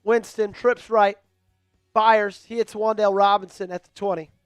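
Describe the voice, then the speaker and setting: A man hosting a live stream, calling plays and hyping up his viewers with excitable energy. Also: sits high, moderate pace, clear, resonant tone, no echo, studio quality, soft background music. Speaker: host of a team live stream. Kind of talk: live play-by-play commentary.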